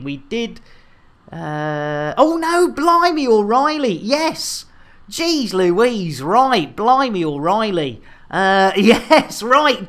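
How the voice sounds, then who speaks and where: A woman hosting a live game stream, bawdy and giggly, getting flustered and stammering as she reads out shout-outs. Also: mid-range voice.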